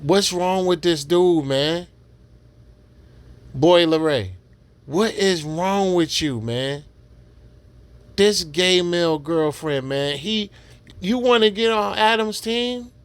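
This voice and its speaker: A man's voice: sits high, takes it slowly, long pauses, clear, resonant tone, no echo. A man giving casual reaction commentary on a podcast clip, ranting and mocking in street slang. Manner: ranting, mocking, repetitive slang-heavy rant.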